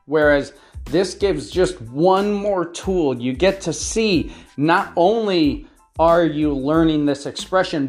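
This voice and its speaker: An online English teacher speaking straight to learners, counting off reasons in turn and often checking in with "right?". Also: medium pitch. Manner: enthusiastic, repeats "right?" and lists points by number. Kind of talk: talking-head advice to learners.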